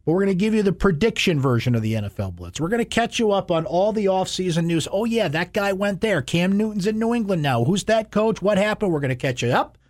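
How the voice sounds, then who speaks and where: Sports radio host guy, big animated delivery, swings all over in pitch, dry studio sound. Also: fast talker, hardly any pauses, dry recording. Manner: animated, bursts into loud shouts then drops to whispers.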